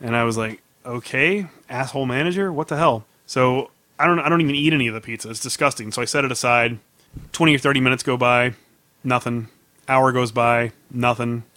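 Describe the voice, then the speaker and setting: A man rattles through an exasperated story in quick bursts, with a bright, forceful edge to his voice. He swears freely and acts out each exchange as he retells it. He is recorded on a close mic that sounds dry, with no room around him. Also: mid-range voice, no room sound. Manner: animated, profane, exasperated retelling. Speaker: podcast storyteller. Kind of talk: casual chat, telling an anecdote.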